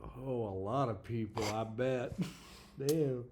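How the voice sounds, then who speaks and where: A man's voice: mid-range voice, slow, background noise. A man co-hosting a casual podcast, joking around and teasing his co-host, and sometimes reading a passage aloud. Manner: jokey, teases his co-host.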